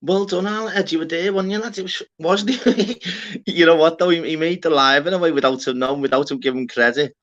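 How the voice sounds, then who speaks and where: A man hosting a livestream in casual chat, retelling stories in an animated way, swearing and calling people "lad". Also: on the high side, fairly quick, hardly any pauses, muffled recording. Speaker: livestream host.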